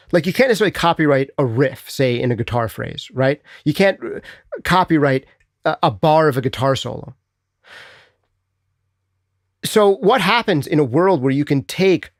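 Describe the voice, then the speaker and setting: A man's voice: fairly high pitch, no echo. Chatty man on a dry close mic. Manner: chatty, animated, thinks aloud with fillers. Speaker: host answering chat questions. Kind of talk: casual livestream chat.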